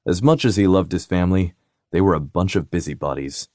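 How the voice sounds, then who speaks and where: A man narrating a romantic suspense audiobook in a steady, even reading. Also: sits low, fairly quick, no echo, studio quality. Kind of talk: scripted narration.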